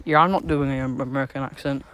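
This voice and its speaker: A mid-range, fairly evenly intoned male voice comes through fast and a bit bright. It's a British man on a casual live stream, phone held up outdoors on a street as he answers viewers. He rambles, repeats himself, and restarts constantly with plenty of fillers.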